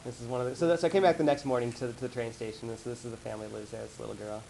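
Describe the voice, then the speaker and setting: A man giving a casual slideshow talk to colleagues, rambling and animated as he tells stories. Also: medium pitch, very fast, vocal fry, slight background noise, poor audio. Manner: rambling, animated storytelling with acted-out quotes. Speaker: presenter. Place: office meeting room.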